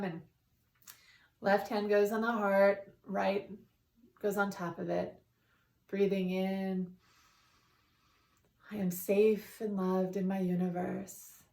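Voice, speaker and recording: A woman guiding a meditation in a calm, soothing way, leading breaths and repeating affirmations. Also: mid-range voice, takes it slowly, vocal fry, pauses often. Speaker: meditation guide. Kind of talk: guided meditation. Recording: roomy, distant from the mic.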